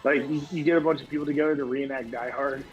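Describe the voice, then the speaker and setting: A man's voice: mid-range voice, steady tone, quick pace, muffled recording, soft background music. A tired man in casual chat while streaming a game, rambling and laughing, with lots of "like". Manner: rambling, laughs often, says "like" a lot.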